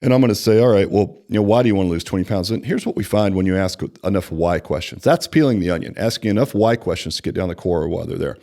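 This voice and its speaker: Animated man coaching on sales. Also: low voice, fast talker, gravelly, few pauses. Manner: animated, acts out client dialogue, frequent "right?". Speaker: personal training franchise executive. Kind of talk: conversational sales training talk.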